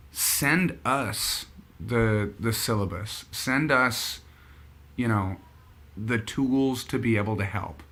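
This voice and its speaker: A man's voice: medium pitch, pushed and bright. A man hosting a casual chat show, rambling and thinking aloud as he talks. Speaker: podcast host.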